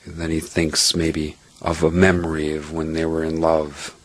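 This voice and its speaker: A man's voice: extremely low pitch, monotone, normal speed. A man giving an earnest spiritual monologue in the form of a personal story, explaining his points step by step and checking in with "right?".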